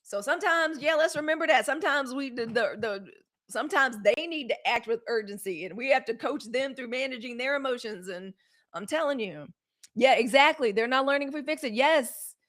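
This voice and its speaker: A woman's voice: sits high, a little fast, fairly bright tone. A woman, hosting a live news show in a dramatic, testifying way. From Mississippi, US. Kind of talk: casual livestream chat.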